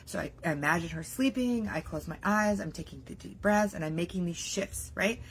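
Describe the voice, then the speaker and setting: A young adult woman coaching on business mindset in a casual, animated talk to camera, acting out worried inner voices and leaning on "like" fillers. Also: lowish voice, a little fast.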